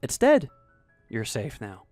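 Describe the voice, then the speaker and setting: A man's voice: mid-range voice, huge pitch swings, slow pace, darkish tone, no echo, faint music behind. A man voicing an earnest, awkward young male tourist in his mid twenties who speaks in a raised, eager voice. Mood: lively.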